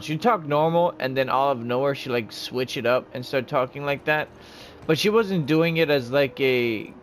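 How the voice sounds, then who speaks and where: A man's voice: mid-range voice, a bit bright, slight background noise. A man hosting a gaming channel, rambling casually while he plays. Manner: rambling and chatty. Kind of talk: casual let's-play commentary.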